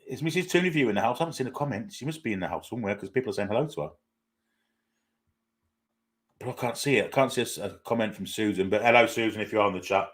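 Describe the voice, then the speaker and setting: Speaking very fast in a low-leaning voice, the host of a football fan channel reads out and answers viewer comments during a live watchalong, greeting each in turn. His chatter is casual, peppered with "uh"s and self-corrections.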